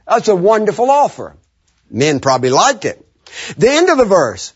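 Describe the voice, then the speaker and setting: A man preaching a sermon, animated and laughing often, leading the congregation in call-and-response. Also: sits high, moderate pace, slightly rough. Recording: muffled lo-fi sermon recording.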